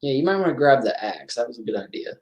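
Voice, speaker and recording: A man's voice: medium pitch, very animated, fast talker. A man giving casual watch-along commentary on a horror film, chatting and reacting aloud to the scenes.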